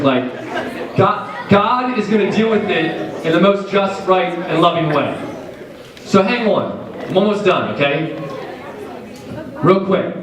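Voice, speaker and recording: A man with a high voice preaches a lively, jokey sermon and acts out the people in his stories. He sounds far from the mic, and his voice rings around a big, echoey hall. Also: measured pace, long pauses.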